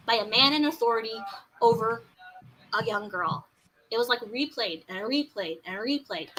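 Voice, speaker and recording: A woman with a high, bright voice tells her own story as a guest, with fierce, raw feeling. She swings from low, quick asides to loud, cracking outbursts. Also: slight background noise, poor audio. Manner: impassioned, swings from quiet to shouting. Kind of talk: emotional personal testimony.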